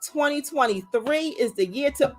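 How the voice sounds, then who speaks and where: A woman's voice: high-pitched, animated, normal speed, soft background music. A woman hosting a live stream, giving motivational, faith-filled talk that repeats words for stress and calls out to viewers by name. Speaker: livestream host.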